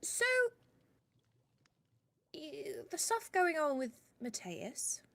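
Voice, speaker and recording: A woman streamer speaking in character during a roleplay, chatty and sometimes dropping to hushed asides while sharing gossip. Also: high voice, sing-song, drawn-out words, gravelly.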